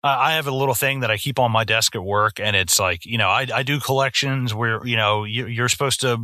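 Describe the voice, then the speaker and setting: A man's voice: medium pitch, fairly quick, bright, forceful tone, no room sound, clean studio sound. A man in his twenties co-hosting a film podcast, chatting casually and ranting with lots of swearing, often dropping into mock voices. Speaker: podcast co-host. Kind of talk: casual film-review chat.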